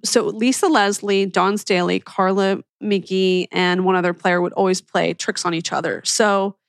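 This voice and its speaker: A woman's voice: medium pitch, steady tone, unhurried, gravelly, no room sound, studio quality. A woman podcast host from Philadelphia chatting in a gushing, enthusiastic way as she recommends shows to her listeners. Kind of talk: casual chat recommending shows.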